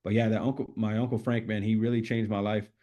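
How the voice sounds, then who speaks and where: A middle-aged man appears as a podcast guest, telling stories in a relaxed interview and swearing freely while acting out what people said. His lowish voice comes fast and animated, though the recording sounds muffled.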